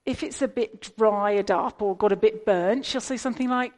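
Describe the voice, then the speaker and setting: A woman's voice: medium pitch, moderate pace, hardly any pauses, darkish tone. British woman preaching a chatty sermon. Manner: chatty and conversational, with asides to the congregation.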